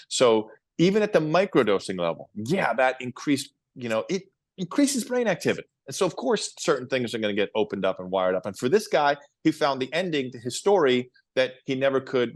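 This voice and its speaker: Brief: middle-aged male podcast guest, low voice, animated storyteller, dry close sound. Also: no echo. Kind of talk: casual interview storytelling.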